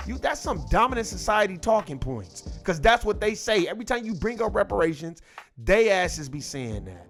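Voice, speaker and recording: A man's voice: high-pitched, animated, brisk, gravelly, fairly bright tone, faint music behind. A man ranting in casual, profane commentary, irritated and repeating himself. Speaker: commentary host.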